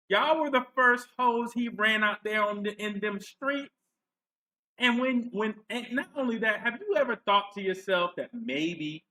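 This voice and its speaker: A man's voice: sits high, bright, forceful tone, a little hiss or hum, poor audio. A man giving a sarcastic, profane commentary rant into a clipping microphone set away from his face. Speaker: commentary vlogger. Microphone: clipping mic held away from face.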